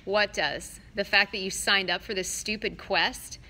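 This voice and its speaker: Woman doing a skeptical, blunt young boy; bright voice, storybook reading. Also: medium pitch, fairly even intonation, unhurried. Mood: curious, blunt. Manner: questioning, blunt. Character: twelve-year-old boy hero, skeptical and blunt.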